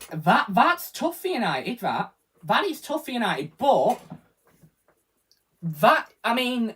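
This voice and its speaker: A man's voice: high-pitched, fairly bright tone. A man giving rambling live reaction commentary as a football fan streamer, often correcting himself. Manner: rambling, self-correcting, partisan fan talk.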